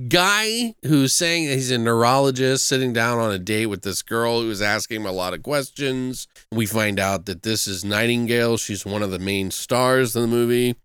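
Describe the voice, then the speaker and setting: A man's voice: medium pitch, bright, forceful tone, smooth, dry recording, clean studio sound. A man in casual conversation, rambling and swearing freely as he retells film scenes, laughing often. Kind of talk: casual chat.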